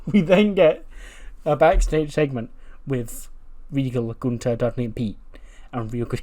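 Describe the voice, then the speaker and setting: A man narrating his wrestling management game run in a loose, chatty way. His pitch sits in an ordinary middle range. He keeps correcting himself and chuckles at his own jokes. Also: fairly even intonation, unhurried, warm tone. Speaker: game commentator. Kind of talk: casual narration of a wrestling sim playthrough.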